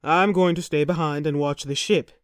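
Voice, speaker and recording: A woman's voice: low-pitched, fairly even intonation, moderate pace, dry recording, studio quality, pitched below the performer's own voice, lightly acted. A woman voicing a cold, mocking Viking slaver. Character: callous male slave-trading Viking oarsman.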